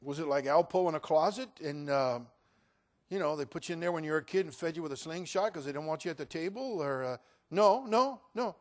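A middle-aged male pastor preaching a sermon, shifting from quiet storytelling to loud exhortation. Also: fairly high pitch, lively intonation, fairly quick.

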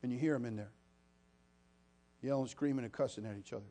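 A man preaching a sermon, telling funny stories and swinging between quiet asides and loud, repeated appeals to the congregation. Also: mid-range voice, fast, a little hiss or hum. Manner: humorous storytelling, repeats "listen to me".

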